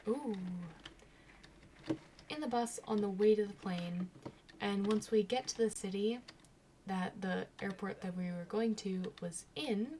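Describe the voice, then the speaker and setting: A woman's voice: medium pitch, a little mellow, slight background noise. Chatty self-mocking woman vlogger. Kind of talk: casual storytelling.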